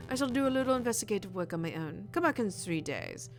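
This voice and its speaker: A woman voicing a suave, polite male fox gentleman with a light French flair, reading game dialogue aloud. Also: medium pitch, big pitch swings, fast, soft background music, pitched above the performer's own voice. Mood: courtly. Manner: smooth, polite, theatrical.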